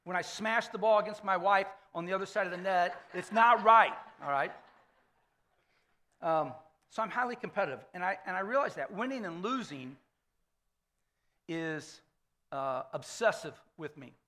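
A man in his fifties preaches in a loose, conversational style, often tossing "okay?" to the room. His voice sits high for a man and rings bright and forceful. He sounds like a pastor talking to his congregation in a church. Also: animated, normal speed. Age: 50s. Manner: conversational storytelling sermon, frequent "okay?" check-ins. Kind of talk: sermon. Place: church sanctuary.

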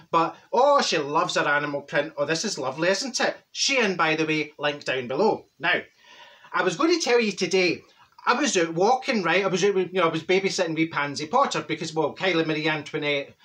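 A man's voice: fairly high pitch, pushed and bright. Man doing a chatty older Glasgow woman, Glaswegian Scottish accent, gossipy, laughing, comic monologue. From Glasgow, Scotland. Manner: gossipy, cheeky storytelling with frequent laughs. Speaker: comedy character host.

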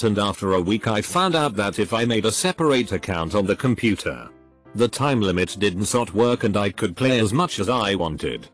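A man narrating a series of short online stories in a plain, even reading voice, with faint music behind. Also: on the low side. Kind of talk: reading online posts aloud.

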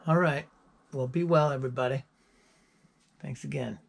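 A man's voice: mid-range voice, normal speed, gravelly, husky. A musician chatting casually to his viewers, rambling through stories with chuckles. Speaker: musician presenting his album.

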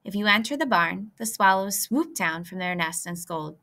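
A woman reading a children's book aloud in a clear, lively way. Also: medium pitch, normal speed. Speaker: reader. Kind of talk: storybook read-aloud.

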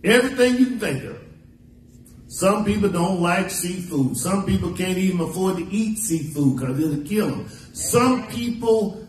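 A high-pitched man preaches as pastor in a church sanctuary, weaving folksy tales together with dramatic quotations. The recording is echoey and distant, with slight background noise.

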